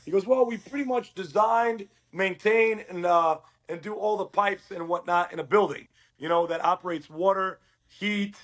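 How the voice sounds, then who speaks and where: A middle-aged man from Uruguay, a podcast guest, telling his story in a casual, animated way and acting out quoted dialogue. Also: sits high, moderate pace.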